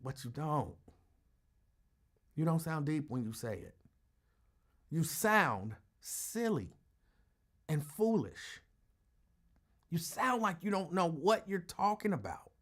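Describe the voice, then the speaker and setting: A man's voice: fairly high pitch, big pitch swings, takes it slowly, long pauses. A man hosting a call-in talk show, giving casual commentary in an emphatic, argumentative way and repeating his points for effect.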